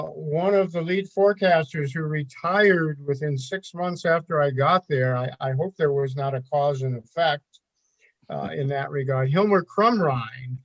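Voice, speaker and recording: An older man with a high voice reminisces in a relaxed, unhurried way about his working years. His audio comes through a bit dull and lo-fi, as over a remote call. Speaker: retired forecaster, guest. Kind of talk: casual recollection on a podcast.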